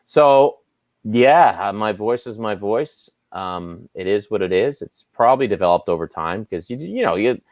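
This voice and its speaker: A man with a Canadian Maritime accent, a sports anchor chatting as a guest in a relaxed, self-deprecating way. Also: on the low side, normal speed, no echo. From Nova Scotia, Canada. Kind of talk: casual interview chat.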